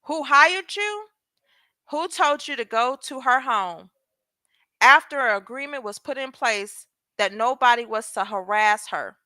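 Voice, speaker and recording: A woman's voice: fairly high pitch, lively intonation, unhurried, bright, forceful tone, dry recording. A woman hosting legal commentary, reading a transcript aloud and breaking off to ask viewers pointed questions. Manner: talks straight to viewers, asking pointed questions.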